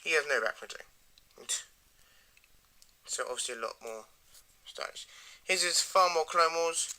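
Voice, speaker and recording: Guy, toy reviewer, higher voice, very bright tone, rambly and eager. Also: animated, a little slow. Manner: rambling, enthusiastic, trails off into mumbles.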